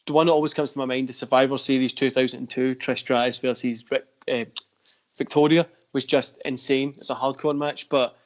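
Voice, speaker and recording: A man's voice: mid-range voice, fairly even intonation, fairly quick. A man hosting a casual podcast, talking in rambling sentences full of fillers. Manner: rambling, heavy use of fillers. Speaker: podcast host. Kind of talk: casual chat.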